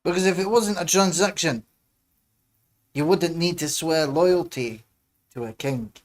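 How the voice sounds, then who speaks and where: A man's voice: a little high, measured pace. A man hosting a livestream, chatting casually and rambling between musings and muttered asides. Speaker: livestream host.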